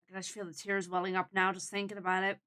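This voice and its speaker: A woman's voice: mid-range voice, completely flat delivery, very fast, bright, forceful tone, smooth. A young adult woman streaming a game, chatting in a casual, emotional, reflective way.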